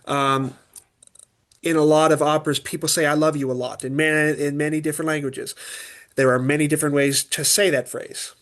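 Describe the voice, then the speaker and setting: A man with a somewhat high speaking voice talks casually as a guest in an interview. He is an opera tenor from Pennsylvania. He explains things haltingly, restarting phrases and leaning on filler words. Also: little pitch movement, a bit bright. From Pennsylvania, USA.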